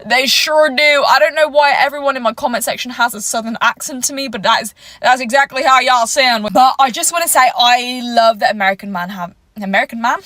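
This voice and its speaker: Playful teasing woman vlogger, high voice, dead-dry close mic. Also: brisk, hardly any pauses, sharp tone, no room sound. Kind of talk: casual vlog monologue.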